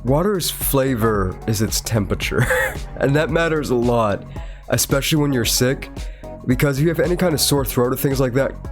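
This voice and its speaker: A man's voice: mid-range voice, expressive, normal speed, music in the background. A man with a cold and a slightly nasal voice, chatting casually as a VTuber host while ranking foods. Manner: chatty and rambling, with chuckles. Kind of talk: casual chat, rating foods on a tier list. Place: his room.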